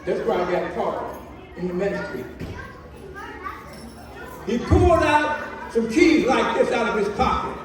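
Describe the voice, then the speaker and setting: High-voiced preacher man spinning a story, far off mic in a big echoey hall. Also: a little slow, pauses often, crowd noise. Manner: lively storyteller acting out dialogue. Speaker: reverend telling a personal story. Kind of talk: storytelling speech at a celebration. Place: large hall.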